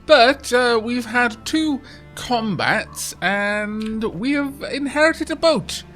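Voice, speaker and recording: A man's voice: very high-pitched, expressive, takes it slowly, fairly bright tone, soft background music. A man hosting a game let's play, chatting casually with many fillers and reading the game's dialogue aloud. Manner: chatty, many ums and uhs, reads game text aloud.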